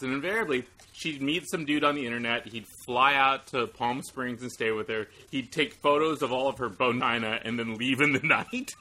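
A man's voice: medium pitch, moderate pace, bright, forceful tone. A man in casual podcast chat, telling a wry, profane anecdote in a laid-back way.

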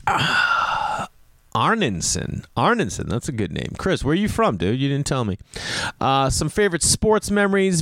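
A man in his thirties from Boston, talking casually as a host answering a listener, jumping into excited outbursts. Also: dry recording, clean studio sound. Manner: animated, swings pitch into excited outbursts. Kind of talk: casual rambling monologue.

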